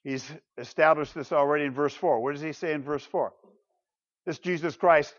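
A man's voice: a little high, moderate pace. Emphatic man preaching, lo-fi sound. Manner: emphatic, asks rhetorical questions, swings between loud and soft. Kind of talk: sermon. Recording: dull lo-fi sermon recording.

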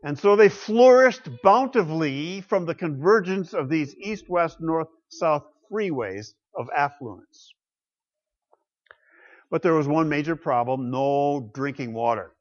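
A man preaching a sermon, swinging between loud declarations and quiet asides. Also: a little high, animated, slow pace. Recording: dull lo-fi sound.

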